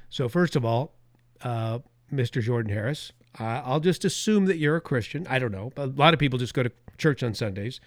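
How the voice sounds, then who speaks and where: A man's voice: mid-range voice, expressive, brisk, no echo, studio quality. A man hosting a talk radio show, delivering an opinionated monologue with emphatic repetition and sarcastic asides. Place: radio studio.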